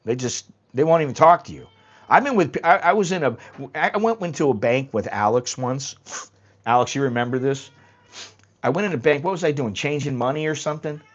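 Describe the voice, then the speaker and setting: A man's voice: mid-range voice, lively intonation, fairly quick, muffled recording. Blunt, rambling man on a livestream. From United States. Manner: rambling, blunt storytelling with casual swearing. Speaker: livestream host. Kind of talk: casual livestream chat.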